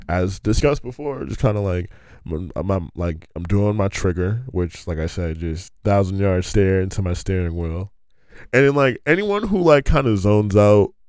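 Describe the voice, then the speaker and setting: A man's voice: lowish voice, a little mellow, clean tone, no room sound. A man telling stories in a loose, rambling monologue, laughing often and restarting his sentences.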